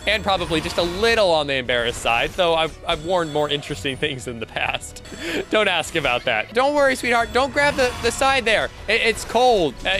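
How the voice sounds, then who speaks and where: A young man hosting a let's play, chatting excitedly as he plays, laughing and yelping often. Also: high-pitched. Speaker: gaming channel host.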